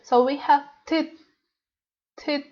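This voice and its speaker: A woman's voice: a little high, takes it slowly, highs cut off. A woman teaching a Korean language lesson online, speaking hesitantly with many fillers and repeating words for practice.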